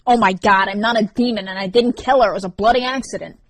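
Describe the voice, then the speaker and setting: A woman's voice: medium pitch, steady tone, fast, no echo, close to an everyday voice. A woman reading an audiobook, voicing a sardonic teenage boy who talks in a sarcastic, dismissive way. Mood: callous.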